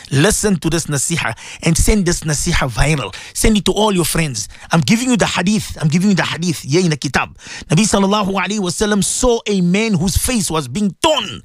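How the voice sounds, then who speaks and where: A man's voice: sits high, a bit bright, no room sound, clean studio sound. A man giving a fervent, repetitive radio sermon, preaching at his listeners with direct questions. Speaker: radio presenter giving religious advice.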